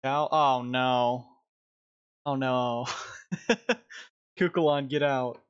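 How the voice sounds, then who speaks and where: A man's voice: mid-range voice, steady tone, very slow, clear, resonant tone, muffled recording. A man hosting a casual live stream through a headset, rambling and laughing often. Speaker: stream host.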